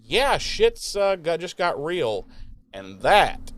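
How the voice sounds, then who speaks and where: A man hosts a podcast and recaps an episode at a leisurely pace, his voice sitting a little high. He rambles and swears casually, and he throws in quick mocking impressions of the characters as he goes. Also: very animated. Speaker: podcast co-host.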